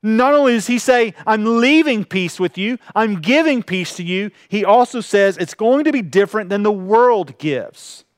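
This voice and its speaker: High-voiced man preaching conversationally. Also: animated, normal speed, few pauses, clean tone, no echo. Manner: conversational preaching with frequent fillers, paraphrasing scripture. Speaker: pastor. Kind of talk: sermon.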